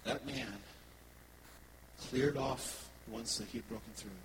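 A man, a worship pastor, preaching a sermon and telling personal stories in a conversational, animated way to his congregation. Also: medium pitch, a little slow, a little hiss or hum, rough recording.

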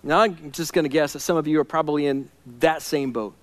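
High-voiced man preaching a sermon. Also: steady tone, fairly quick. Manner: earnest, conversational preaching with direct questions to listeners. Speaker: pastor.

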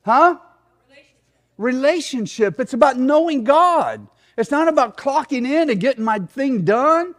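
A middle-aged man, a pastor preaching a sermon in an animated way that sinks into soft prayerful tones. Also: extremely high pitch, unhurried.

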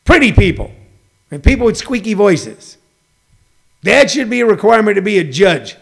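A man's voice: high-pitched, very animated, moderate pace, creaky, a bit bright. A man hosting a show, ranting bluntly and mockingly for laughs. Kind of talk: comedic rant.

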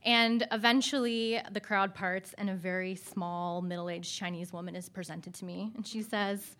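Woman storyteller, medium-pitched voice, lively and self-deprecating in a live personal tale. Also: moderate pace. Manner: animated, self-mocking, laughing through the funny parts.

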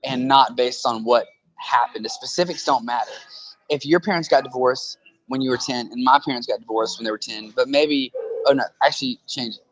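A man with a mid-range voice talks briskly into a handheld phone during a casual conversation, and the audio is poor. He explains things earnestly with analogies, often checking in with "right?".

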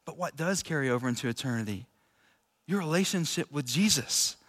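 A man preaching a relaxed, chatty sermon to a room of listeners, laughing easily as he talks. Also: a little high, a little fast. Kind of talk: casual conversational sermon. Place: large room with an audience. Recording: echoey hall with long reverb.

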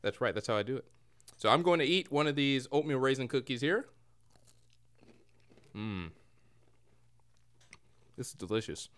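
Male podcast host, smooth and clear, playful mock-announcer manner, home setup. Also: mid-range voice, lively intonation, moderate pace, pauses often, a bit bright. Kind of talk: casual comedic chat show. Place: home room near a window.

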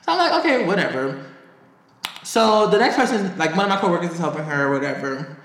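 Male podcast co-host, lively slightly high voice, profane storyteller, echoey room. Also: fast talker. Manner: animated, profane, high-pitched when quoting others. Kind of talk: casual storytelling.

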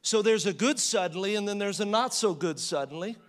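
A man preaching a sermon in a conversational style, asking the audience rhetorical questions and acting out quotes with rising pitch and volume. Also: expressive, fairly quick. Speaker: pastor.

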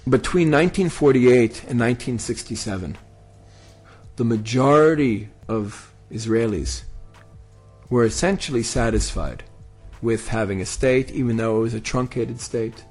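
Husky man giving an impassioned lesson. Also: mid-range voice, normal speed, a little mellow, faint music behind. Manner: dramatic, building to emphatic peaks.

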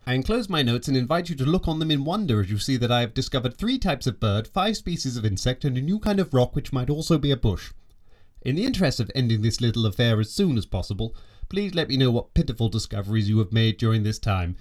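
A man's voice: medium pitch, lively intonation, quick pace, a little mellow, natural voice. A man playing a pompous, petty ship's naturalist. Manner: stiff formal letter-reading, self-important. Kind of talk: comic audio drama.

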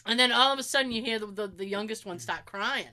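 A woman in her forties co-hosting a casual chat show, telling animated family stories with plenty of swearing and acted-out quotes. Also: fairly high pitch, fast. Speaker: podcast co-host.

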